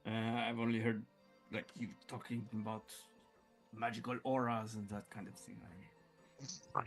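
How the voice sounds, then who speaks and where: A man playing his character in a tabletop game, talking haltingly and thinking aloud. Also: on the low side, little pitch movement, faint music behind. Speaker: player. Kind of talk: in-character tabletop role-play.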